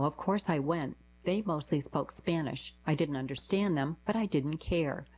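Female narrator with a deep voice and a calm, even delivery for short-story readings. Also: a little hiss or hum, low-quality recording. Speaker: narrator reading diary letters. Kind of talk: scripted narration.

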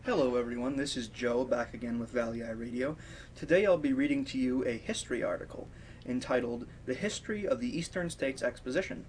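A man with a mid-range voice reads a history article aloud for a radio reading service. He keeps a steady, careful pace, with faint noise behind him. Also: medium pitch, a little fast, rough recording.

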